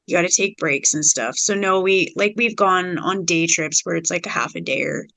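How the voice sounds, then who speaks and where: A woman's voice: on the low side, moderate pace, gravelly, sharp tone, dry recording, poor audio. A young woman from Canada as a podcast guest, talking in a laid-back, candid way with lots of fillers. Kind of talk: casual interview chat.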